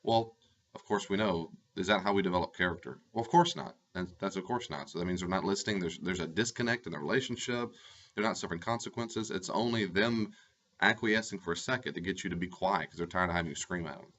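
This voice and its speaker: Man, very low voice with a bright forceful edge, earnest advice talk to camera, repeats phrases for stress, slightly dull lo-fi audio. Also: quick pace. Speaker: life coach.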